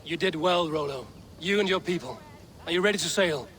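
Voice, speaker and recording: A man voicing a calm Viking raider leader in a video game, measured and plain-spoken. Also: fairly high pitch, slight background noise, close to an everyday voice. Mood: steady.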